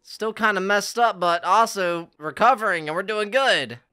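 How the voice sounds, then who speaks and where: A man's voice: high voice, normal speed, sharp tone, clear, resonant tone, faint music behind. A man reacting to an anime finale in casual, emotional commentary, exclaiming and laughing often. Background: anime soundtrack playing faintly.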